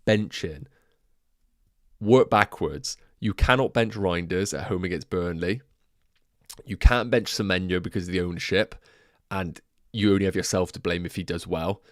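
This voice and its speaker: Low-voiced chatty man livestreaming. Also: dry recording, clean studio sound. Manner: chatty, banters with chat, quick asides. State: out of breath. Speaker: fantasy football livestream host. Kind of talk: casual livestream chat reading viewer questions.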